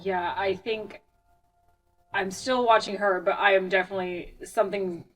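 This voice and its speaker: A woman's voice: mid-range voice, fairly even intonation, normal speed. Distant woman player thinking aloud. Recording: distant from the mic.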